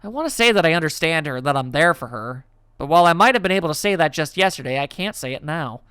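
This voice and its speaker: Bright-voiced man reading a visual novel. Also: a little high, lively intonation, fast, clear, resonant tone, no echo, clean studio sound. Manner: reflective first-person narration. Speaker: let's play host.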